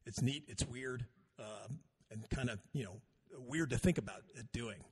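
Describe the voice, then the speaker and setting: Husky man telling a rambling story. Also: medium pitch, normal speed, a little mellow. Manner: rambling, self-deprecating, laughs at himself. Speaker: podcast co-host. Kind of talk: casual chat, storytelling.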